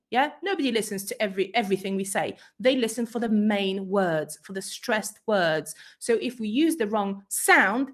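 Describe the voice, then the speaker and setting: Polish-speaking woman teacher trainer. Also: mid-range voice. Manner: explanatory, checks in with frequent "right?". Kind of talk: conference talk on pronunciation.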